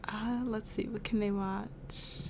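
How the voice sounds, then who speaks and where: A woman hosting a life-sim game playthrough talks in an unhurried, easygoing way. She is chatty and amused, with frequent giggles. A faint hiss sits under her desk-mic recording. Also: medium pitch, fairly even intonation. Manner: laughs often, chatty and amused. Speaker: let's play host. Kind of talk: casual gameplay commentary.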